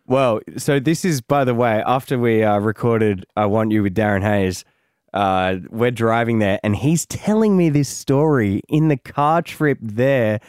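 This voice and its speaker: A young man co-hosting a podcast, chatting casually, jokey and quick to swear. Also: medium pitch, darkish tone, clear, resonant tone, no echo, studio quality. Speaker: podcast co-host. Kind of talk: casual chat.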